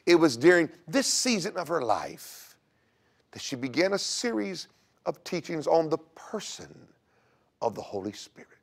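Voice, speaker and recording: Man, guest host, sermon-style storytelling, slightly high voice, loud bursts and hushed asides. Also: big pitch swings, unhurried, gravelly. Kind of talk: preaching history talk.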